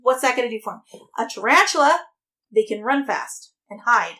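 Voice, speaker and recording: A woman co-hosting a podcast, telling a story in casual, animated chat and swearing freely. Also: on the high side. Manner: animated, swearing, quick banter. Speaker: podcast co-host.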